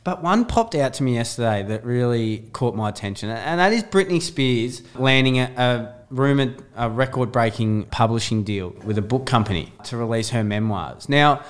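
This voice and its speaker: A man's voice: mid-range voice, normal speed, hardly any pauses. A young man, co-hosting a casual podcast chat and acting out the people in his stories. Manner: animated storyteller, acts out quotes. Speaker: podcast co-host.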